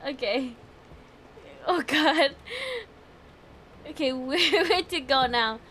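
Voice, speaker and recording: A woman streaming a game live, reacting excitedly with yelps, laughter and chatty commentary. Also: high voice, slow, a little hiss or hum.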